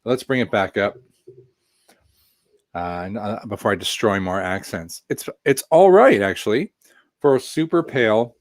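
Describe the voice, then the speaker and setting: A man with a low voice hosts a relaxed live beer tasting from home, rambling through his thoughts and poking fun at himself. The sound is close and dry, with no room echo. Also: moderate pace, pauses often. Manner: chatty, rambling, self-deprecating asides. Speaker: craft beer reviewer.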